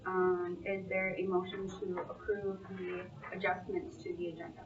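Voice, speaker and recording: A woman with a Minnesotan accent who chairs a board meeting, briskly calling motions and votes. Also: on the low side, monotone. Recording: distant, dull meeting-room recording.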